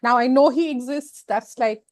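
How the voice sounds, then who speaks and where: A woman speaking as an interview guest, telling a personal story in a frank, emotional, expressive way. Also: high voice, normal speed, no room sound.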